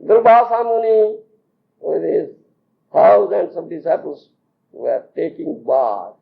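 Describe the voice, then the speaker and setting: Slow, gravelly Indian English preacher. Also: male voice, a little high, expressive. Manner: checks understanding often, laughs while telling. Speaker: spiritual teacher. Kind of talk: storytelling scripture lecture. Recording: muffled lo-fi tape.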